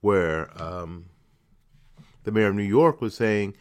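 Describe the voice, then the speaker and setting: A man with a lowish voice runs a political commentary podcast. He talks indignantly and emphatically. He stacks rhetorical questions and stumbles through repeated words as he presses his case. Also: expressive, slow pace, pauses often. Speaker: podcast host.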